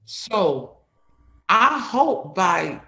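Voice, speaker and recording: A woman's voice: mid-range voice, big pitch swings, extremely slow, gravelly, bright, forceful tone. A woman guest giving heartfelt personal stories about her community work, retelling conversations with repeated "I said, she said.". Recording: roomy echo.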